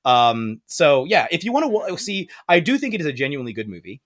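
A man hosting a podcast, telling a story in a casual chat and acting out the quoted lines in high voices. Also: sing-song, fairly quick, fairly bright tone. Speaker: podcast host.

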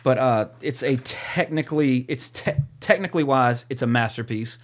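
A man's voice: medium pitch, normal speed, a little hiss or hum. Young guy cohosting a podcast, rambly, swears a lot, keeps saying uh. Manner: rambling, profane, frequent fillers and restarts. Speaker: podcast co-host. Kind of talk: casual podcast chat.

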